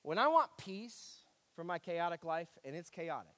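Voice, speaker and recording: A man's voice: fairly high pitch, big pitch swings, normal speed, fairly bright tone, long reverb tail. A male pastor preaching a sermon, earnest and repetitive, with a wry, self-deprecating sarcasm.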